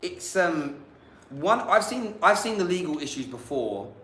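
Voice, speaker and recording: British man, football host, bright and high voice, jokey and animated, echoey room. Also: unhurried. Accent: British English. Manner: animated, jokey, laughs often. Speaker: podcast host. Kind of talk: casual chat. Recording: echoey room with faint hiss.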